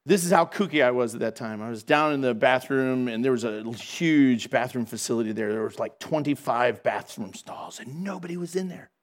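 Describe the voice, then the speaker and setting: A middle-aged man giving a storytelling sermon in a lively, conversational way, laughing at himself. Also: mid-range voice, fairly quick, few pauses. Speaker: Christian speaker.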